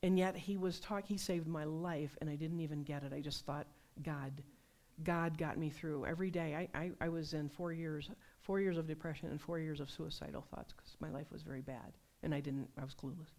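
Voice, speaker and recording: A woman preaching a sermon, telling personal stories in a conversational, animated way. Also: sits low, brisk, hardly any pauses. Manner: conversational, animated storytelling with laughs.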